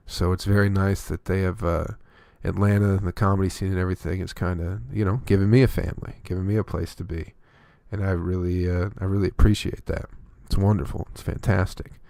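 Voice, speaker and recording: A man's voice: deep voice, little pitch movement, a little fast, vocal fry, mellow, dry recording. A man hosting his own comedy podcast, delivering a rambling, profane, opinionated solo rant.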